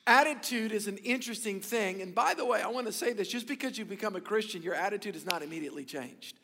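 A man's voice: sits high, quick pace, hardly any pauses, pushed and bright, long reverb tail. A male pastor preaching a sermon, emphatic and repetitive, speaking to his congregation. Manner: emphatic, repetitive, stumbles and restarts, addresses congregation. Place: church sanctuary.

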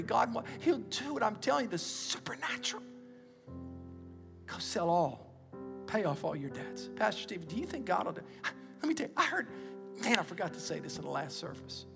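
A middle-aged male pastor giving an energetic, emphatic sermon and calling on the congregation to repeat after him. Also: sits high, creaky. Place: church auditorium. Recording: long reverb in a large hall, with music.

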